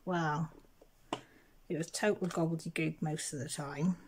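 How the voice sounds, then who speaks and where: A woman's voice: low voice, steady tone, a little slow, slight background noise. A middle-aged woman chatting casually while she crafts, telling a story and acting out other people's voices. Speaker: craft vlogger.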